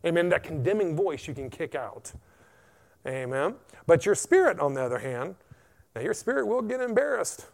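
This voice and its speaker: A man preaching a sermon, animated and punctuated with frequent amens. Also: a little high. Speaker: pastor.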